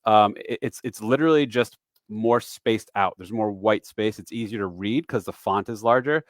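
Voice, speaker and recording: A man's voice: fairly low pitch, moderate pace, dry recording, clean studio sound. A man in his forties hosting a casual live-stream lesson on retiree taxes, chatty and self-deprecating, slipping in dad jokes between fillers. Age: 40s.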